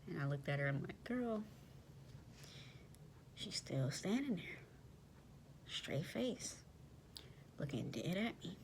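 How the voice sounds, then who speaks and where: A woman's voice: low-pitched, sing-song, measured pace, pauses often, slight background noise. A young woman, animatedly telling a personal story in slangy casual speech and addressing her listeners directly.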